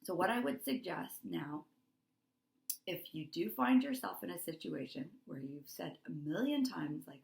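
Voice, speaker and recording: Middle-aged woman, wellness coach, heartfelt, gravelly edges, roomy echo. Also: fairly low pitch, expressive, measured pace, darkish tone. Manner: earnest, heartfelt, repeats phrases for emphasis. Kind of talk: motivational talk to course members.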